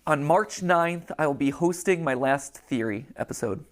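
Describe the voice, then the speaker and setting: Halting, emotional man saying farewell. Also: fairly high pitch, lively intonation. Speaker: YouTube channel host. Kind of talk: unscripted heartfelt farewell address.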